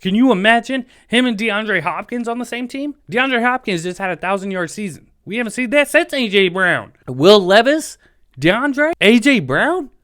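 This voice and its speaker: A man hosting a fan sports podcast, talking in an excitable, emotional, pleading rant. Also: sits high, normal speed, dry recording, studio quality. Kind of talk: solo fan podcast commentary.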